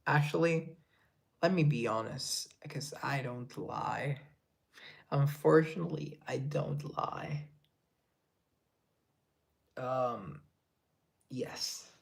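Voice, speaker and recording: A man chatting on a relaxed live stream, taking his time over every answer. He reads the chat aloud and replies, sometimes slipping into a hushed whisper for an aside. His pitch sits in an ordinary middle range. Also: slow, vocal fry, long pauses.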